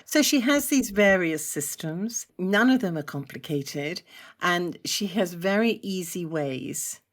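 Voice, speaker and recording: A woman's voice: fairly low pitch, animated, takes it slowly. A woman who teaches energy medicine, a guest on a podcast, explaining her practice in a chatty, enthusiastic way and laughing often. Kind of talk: explanatory interview talk.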